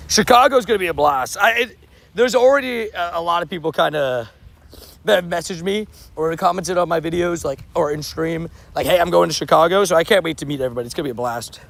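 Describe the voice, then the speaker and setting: This young livestreamer, not from New York, speaks fairly quickly in a slightly high, gravelly, somewhat bright voice while playing a mobile game outside. His chat is upbeat and casual, full of laughter and restarted sentences.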